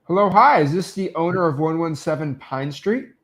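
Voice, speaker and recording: Animated and fairly bright in tone, this young man's slightly high voice moves at a moderate pace as he teaches wholesaling in a casual screen recording. The real estate coach rambles loosely, filling gaps and restarting often.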